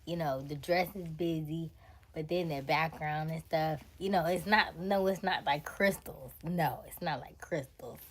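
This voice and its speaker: A woman's voice: deep voice, a little slow. A young woman hosting a casual livestream, greeting viewers in chat and laughing often. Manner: laughs often, reads and answers chat names. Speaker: livestream host.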